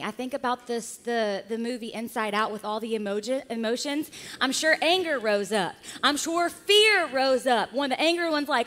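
Woman, pastor, sermon, high voice, animated, reverberant hall. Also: moderate pace, few pauses. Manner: animated, acts out voices of people in the story.

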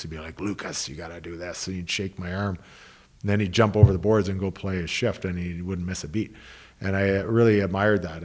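A man in middle age talks in a notably deep, low register. He answers interview questions casually and rambles a little, often saying "you know" and starting his sentences over. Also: a little mellow. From Canada, Ottawa. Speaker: former pro hockey player and coach, guest.

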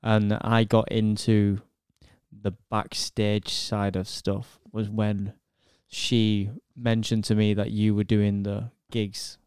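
A laid-back man jokes along in casual podcast chat. His voice is very smooth and resonant and sits on the low side. The recording is dry and close, with no room echo. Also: little pitch movement, takes it slowly, a little mellow. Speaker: podcast co-host.

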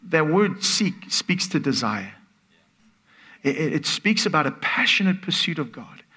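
A man preaching a sermon as a guest speaker, earnest and building from soft, quiet phrases to excited exclamations. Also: fairly high pitch, breathy edge.

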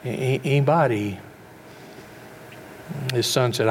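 A man's voice: mid-range voice, measured pace, pauses often, a little hiss or hum. A middle-aged male pastor preaching a sermon, folksy and full of rhetorical questions to the congregation.

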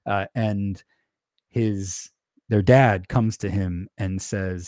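A man's voice: fairly low pitch, steady tone, very slow, a little mellow, no echo, studio quality. A man hosting a podcast, talking candidly and with self-deprecating humor, chuckling often and restarting his sentences. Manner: conversational, with many fillers and restarts. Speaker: podcast host. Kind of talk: casual podcast monologue on faith.

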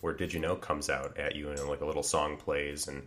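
A man's voice: extremely low pitch, completely flat delivery, normal speed, a bit bright. A man co-hosting an improvised comedy podcast, talking earnestly with lots of fillers and restarts. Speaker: podcast co-host.

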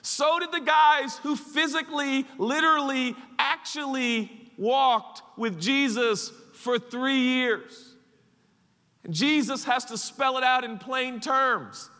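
Lively preacher guy, high bright voice, big church reverb, does little character voices. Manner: animated, acts out the disciples in quick voices. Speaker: pastor. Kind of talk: sermon. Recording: long hall reverb.

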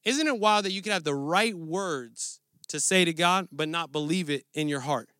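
A man's voice: a little high, animated, normal speed, bright, forceful tone, no echo, studio quality. A man preaching a sermon in a conversational, earnest way, often restarting his phrases. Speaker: pastor.

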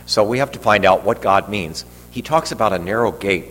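An older man with a lowish, slightly bright voice preaches a little fast. His homily meanders through a personal story, repeatedly restarting and leaning on fillers, in a recording with long reverb and faint noise.

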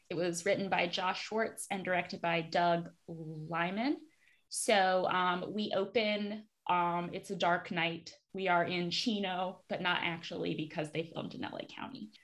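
Chatty woman recapping an episode. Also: lowish voice. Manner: chatty, many fillers. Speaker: podcast host recapping a TV episode. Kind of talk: casual recap chat.

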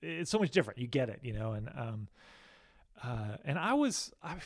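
A man's voice: medium pitch, sing-song, normal speed, no room sound. A man with an American accent speaking as an interview guest in a candid, rambling, self-deprecating way. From United States. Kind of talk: casual interview talk.

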